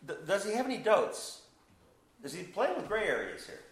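A man's voice: high-pitched, huge pitch swings, normal speed, echoey room, poor audio. A man preaching a sermon, teaching verse by verse with emphatic, playful asides and questions to the congregation. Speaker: pastor.

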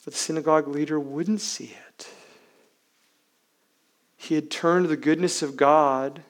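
Male pastor, sermon, emphatic, rhetorical questions, loud-to-hushed swings. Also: on the high side. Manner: uses rhetorical questions to the congregation.

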